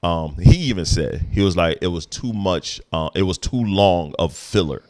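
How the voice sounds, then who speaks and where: A man hosting a casual podcast chat, animated and quick to laugh, repeating phrases for emphasis. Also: low voice, no echo. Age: adult parent. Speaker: podcast host.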